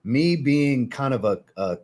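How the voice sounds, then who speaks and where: A man's voice: medium pitch, unhurried. A man talking casually on a livestream about fragrance, a boastful storyteller. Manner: boastful, animated storyteller who acts out quotes. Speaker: fragrance reviewer, guest on a livestream.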